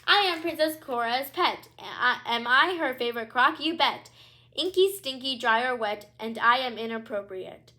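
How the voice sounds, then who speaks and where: A woman's voice: sits high, expressive, normal speed, sharp tone. A woman voicing a cheeky, mischievous male crocodile who sings teasing rhymes in a storybook read-aloud. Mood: singsong.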